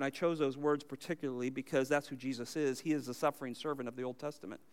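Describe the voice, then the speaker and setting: A man preaching a sermon as pastor, emphatic, asking his listeners questions and answering them himself, his voice swinging from loud, high lines to low, quiet ones. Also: steady tone, fast talker, clear, resonant tone.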